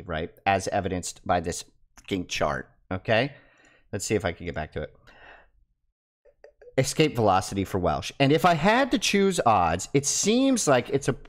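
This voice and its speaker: A man hosting a casual crypto video, excitable and swearing, his voice jumping high and loud when he gets hyped. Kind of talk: casual talk to camera.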